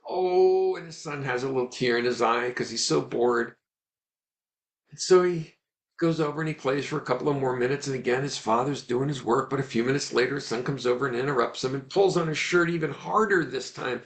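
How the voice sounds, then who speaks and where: Man, teacher, webinar talk, animated storytelling, earnest, gravelly, mid-pitched. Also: a little fast. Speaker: Ayurvedic teacher.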